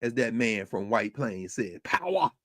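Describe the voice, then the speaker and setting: A man's voice: fairly low pitch, animated, normal speed, no echo, clean studio sound. A man hosting a podcast, delivering a rhetorical spoken essay with a preacherly cadence. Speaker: podcast host.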